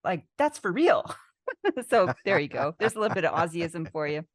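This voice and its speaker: A woman's voice: lowish voice, very animated, moderate pace, dry recording, studio quality. Cheerful Canadian woman guest. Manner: laughs often, cheerful and chatty. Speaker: guest, leadership author. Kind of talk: casual interview chat.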